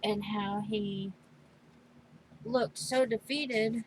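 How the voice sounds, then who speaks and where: A middle-aged mother chatting casually while crafting, slow and halting, speaking with emotion. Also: mid-range voice, steady tone, a little hiss or hum, poor audio. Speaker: crafting vlogger.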